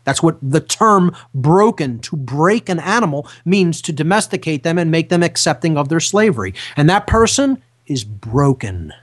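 A man's voice: on the high side, animated, normal speed, hardly any pauses. A man hosting a talk radio show who speaks emphatically, repeating key phrases in a lecturing manner. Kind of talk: impassioned talk radio monologue.

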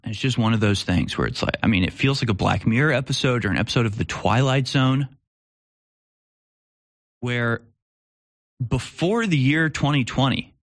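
A man's voice: medium pitch, dry recording, clean studio sound. A man hosting a live commentary show, talking in a rambling way with restarts and sarcastic asides. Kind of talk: casual opinion commentary.

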